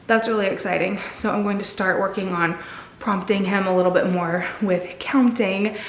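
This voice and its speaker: A woman's voice: mid-range voice, fairly even intonation, normal speed, a little hiss or hum. A tired woman in her thirties chatting candidly to her viewers in a casual home vlog, rambling a little as she talks. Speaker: vlogger and mother. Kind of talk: casual chat to camera. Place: home, indoors on the stairs. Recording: roomy home recording.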